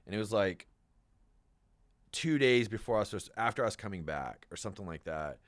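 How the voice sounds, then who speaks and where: A man in casual chat, telling a story in a profane, animated way. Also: on the low side, a little fast, no echo, studio quality.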